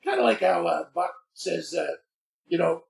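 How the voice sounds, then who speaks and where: A man with a high voice and a heavy gravelly rasp tells a story on a casual podcast. He sounds animated and exasperated, and he acts out the back-and-forth in the voices of the people he quotes. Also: normal speed. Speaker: podcast guest.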